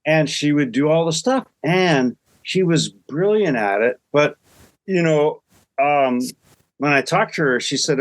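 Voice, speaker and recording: A man's voice: fairly high pitch, lively intonation, measured pace, dry recording. An older man in his sixties, co-hosting a podcast, telling rambling, self-deprecating stories in casual chat. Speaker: podcast co-host.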